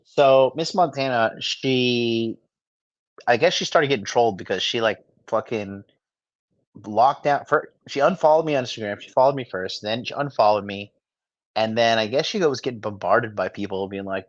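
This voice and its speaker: A man's voice: medium pitch, lively intonation, moderate pace, dry recording, highs cut off. A man giving crude, mocking commentary on video clips in a swaggering, profane way. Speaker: streamer reacting to clips.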